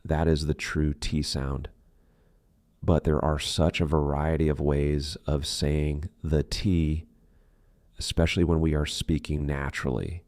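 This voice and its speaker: A man reading aloud an English pronunciation lesson in steady narration. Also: a bass voice, a little slow, dry recording, clean studio sound.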